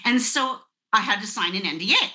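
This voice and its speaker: A woman in her fifties, a network marketing guest, telling a lively story with laughs over a video call. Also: mid-range voice, fairly quick.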